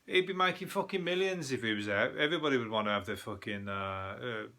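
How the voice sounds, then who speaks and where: A comedian from Birmingham talks in a broad Brummie accent, rambling from story to story with plenty of swearing and chuckles at his own lines. His voice is bright and forceful, sitting at an ordinary male pitch. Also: lively intonation, quick pace. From Birmingham, England. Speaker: comedian and show host. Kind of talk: casual comedic monologue.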